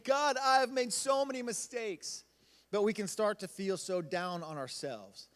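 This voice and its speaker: A youth pastor in his thirties, giving a casual, conversational sermon and acting out quotes in voices. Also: high voice. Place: church hall. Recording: long hall reverb.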